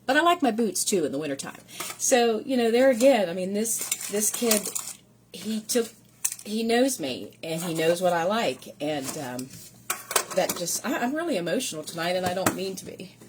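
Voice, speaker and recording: Middle-aged teacher lady rambling on about stuff she loves, mid pitch, bit of faint hiss. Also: expressive, normal speed. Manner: chatty, rambling, gushing with enthusiasm. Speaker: third-grade teacher. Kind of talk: casual vlog chat showing gifts.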